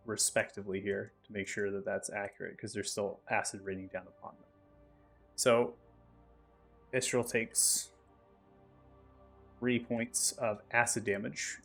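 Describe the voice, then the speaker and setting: A man acting as game master, calmly narrating the action and explaining rules step by step. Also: on the low side, gravelly. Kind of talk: narrating and ruling a tabletop game.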